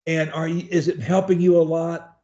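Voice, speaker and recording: A man's voice: a little high, little pitch movement, normal speed, mellow, dull audio. A man coaching a student one-on-one over a video call, talking in a folksy, rambling, encouraging way. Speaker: speech coach.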